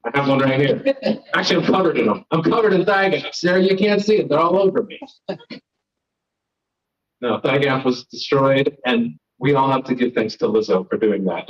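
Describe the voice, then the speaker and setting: A young man from Florida performs a live stand-up set on a comedy stage, rambling, putting himself down, and riffing with the crowd as comedian and host. His mid-range voice has lively intonation at normal speed, captured in lo-fi live stream audio.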